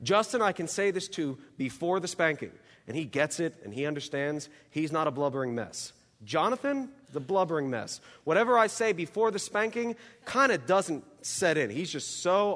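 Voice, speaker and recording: A man with a slightly high voice preaches a sermon, earnest and emphatic as he works through numbered points. His voice rings out in a church hall with a long, trailing reverb. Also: animated, fairly quick, fairly bright tone.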